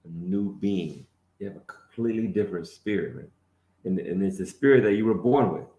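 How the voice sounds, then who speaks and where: A fiery preacher with a very deep voice drives his points home with emphasis, tagging his lines with "man." He is heard in an echoey room. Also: a little fast, dark tone, dull audio. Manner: emphatic, calls out prompts, tags lines with "man". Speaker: lead teacher of the class. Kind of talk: fiery street-preaching sermon.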